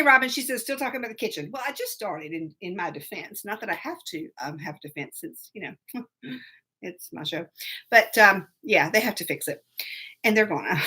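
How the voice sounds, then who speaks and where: A woman's voice: mid-range voice, bright, forceful tone. A woman hosting a live show, chatting casually and rambling, laughing often and greeting viewers by name. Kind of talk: casual live-stream chat.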